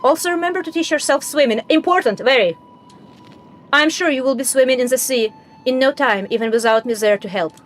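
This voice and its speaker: Gentle male game hero, soft and measured, read by a woman; cast a calm, steady voice, not theatrical. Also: high voice, close to an everyday voice. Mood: tender.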